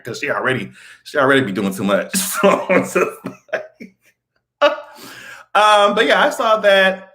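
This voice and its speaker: Man vlogger, casual commentary, lively swooping pitch, cursing, quick laughs. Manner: animated, swears freely, laughs often.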